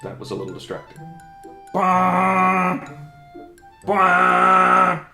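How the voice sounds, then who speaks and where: Guy doing his hyped-up fanboy self, a bit higher voice, cusses a lot. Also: big pitch swings, moderate pace, echoey room, over music. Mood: excited. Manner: gleeful, swearing, enthusiastic. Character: excitable adult male movie fan, easily impressed. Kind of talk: comedic self-debate sketch.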